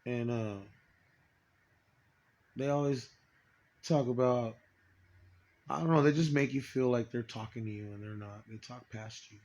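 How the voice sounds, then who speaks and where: A man in a rambling personal monologue, swearing often, stopping and restarting, and trailing off quietly. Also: mid-range voice, highs cut off. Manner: profane, halting, trails off quietly.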